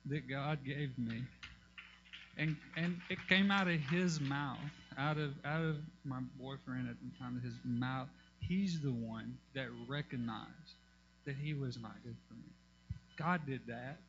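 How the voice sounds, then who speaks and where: A man giving a personal testimony in church, halting, with many fillers and restarts. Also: mid-range voice, lo-fi sound, a little hiss or hum.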